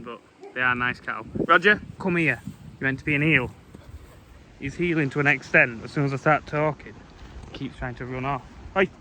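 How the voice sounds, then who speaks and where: A man's voice: medium pitch, background noise. A young man, a farmer, chatting casually while walking his fields and calling to his dog. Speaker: farmer vlogger. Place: outdoors in windy farm fields.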